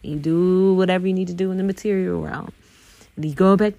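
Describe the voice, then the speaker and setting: Woman, gravelly low voice, casual spiritual talk, earnest, swears freely, dry close sound. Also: fairly even intonation, brisk, mellow, no room sound. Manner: earnest, profane, addresses listeners as y'all. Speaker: podcast host.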